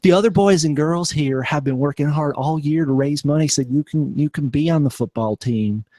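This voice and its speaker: A man's voice: on the high side, moderate pace, mellow, no room sound, natural voice. A man doing a voice of a preachy, condescending charity hostess.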